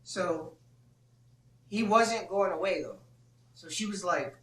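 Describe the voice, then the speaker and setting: Animated, high-voiced man telling a story. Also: slow pace, a little hiss or hum. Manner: animated, profane, slangy storytelling. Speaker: storyteller host. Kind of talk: casual storytime. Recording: echoey room, mic at a distance.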